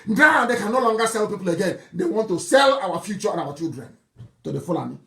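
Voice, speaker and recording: A man's voice: high voice, lively intonation, quick pace, gravelly, a bit bright. Nigerian man, middle-aged, firebrand broadcaster, mocking and scornful, voice swinging widely. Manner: fiery, mocking, insulting, laughs scornfully. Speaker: political broadcaster. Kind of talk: live political broadcast, sermon-like.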